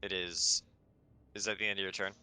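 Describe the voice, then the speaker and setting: A man narrating and running a tabletop game as game master, unhurried and hesitant with fillers. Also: deep voice, little pitch movement, pushed and bright, clean tone, no echo.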